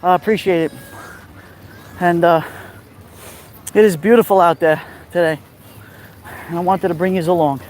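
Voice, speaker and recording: A man with a rough voice and a Brooklyn accent, chatting casually on a live stream as he walks outdoors along a beach. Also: high-pitched, fairly even intonation, moderate pace, pauses often, a little hiss or hum. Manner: chatty, gives shout-outs while walking.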